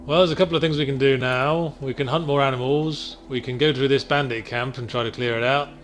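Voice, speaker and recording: A man's voice: medium pitch, fairly even intonation, a little fast, a bit bright. A man with a British accent giving dry, sardonic commentary while he plays a video game. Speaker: streamer playing the game. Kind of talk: casual let's-play commentary. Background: game music.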